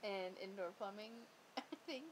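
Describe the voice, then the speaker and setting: A woman's voice: medium pitch, normal speed, slight background noise, rough recording. A woman co-hosting a casual vlog chat, teasing and laughing often. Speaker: vlog co-host.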